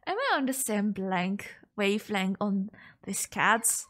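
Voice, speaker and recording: A woman's voice: mid-range voice, big pitch swings, slow, fairly bright tone, a little hiss or hum. A young woman vlogging casually, playfully pleading with her cat and mimicking its meows. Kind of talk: casual vlog talking to her pet cat.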